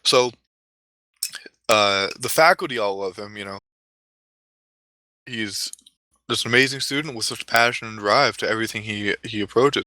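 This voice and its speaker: Brief: male comic storyteller, offhand and rambling; low-ish, bright, dry. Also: moderate pace, long pauses, no echo, rough recording. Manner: rambling, offhand, with fillers and asides. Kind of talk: casual comedic storytelling.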